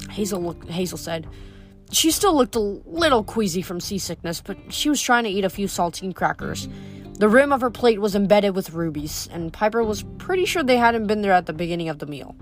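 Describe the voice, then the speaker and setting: Woman reading a book chapter out loud, mid pitch, steady, trips on a word here and there, soft music under it. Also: a little fast. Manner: steady storytelling with small stumbles. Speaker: audiobook reader. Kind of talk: reading a novel aloud.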